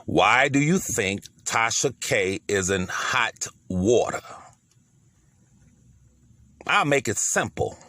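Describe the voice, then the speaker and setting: A middle-aged man with a Southern US accent delivers heated, preachy commentary in a gravelly voice. He talks slowly and emphatically, his pitch swinging widely. The sound is dry and close. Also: fairly bright tone, dry recording. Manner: emphatic, preachy, repeats words.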